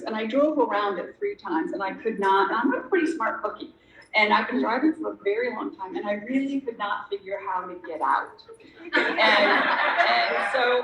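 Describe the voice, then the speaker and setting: A woman's voice: mid-range voice, a bit bright. A middle-aged woman sharing her story at a recovery meeting, candid and self-deprecating, rambling with lots of fillers. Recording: echoey room with faint noise.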